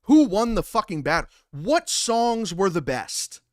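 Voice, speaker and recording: A young man hosting a livestream, ranting loudly and profanely about a rap feud while reading chat aloud. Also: sits high, big pitch swings, measured pace, dry recording, clean studio sound. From Italian heritage. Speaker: livestream host. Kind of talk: casual livestream commentary.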